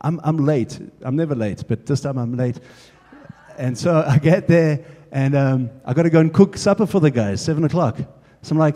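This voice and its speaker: A man preaches through a casual, chatty anecdote, relaxed and conversational with his congregation. His voice is mellow and somewhat high, carrying a long reverb from the church hall. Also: a little fast. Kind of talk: sermon storytelling. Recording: echoey hall.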